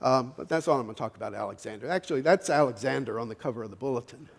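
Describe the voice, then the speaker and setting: A middle-aged male pastor preaching a sermon, telling stories in a folksy, halting way with many restarts. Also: medium pitch, creaky. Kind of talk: sermon with storytelling. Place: church sanctuary. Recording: long church reverb.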